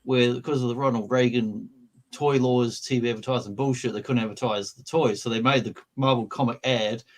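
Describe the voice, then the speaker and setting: A man's voice: mid-range voice, steady tone, a little fast. A man co-hosting a casual livestream, talking chattily and laughing easily. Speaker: co-host.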